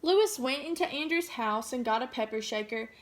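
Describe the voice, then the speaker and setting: A woman teacher reading a picture book aloud to children, pausing to ask gentle questions. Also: high-pitched, expressive.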